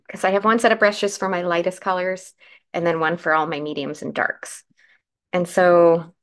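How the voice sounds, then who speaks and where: Female craft host, croaky morning voice, friendly step-by-step live demo. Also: fairly low pitch, fairly bright tone. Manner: chatty, explains steps while working, answers comments.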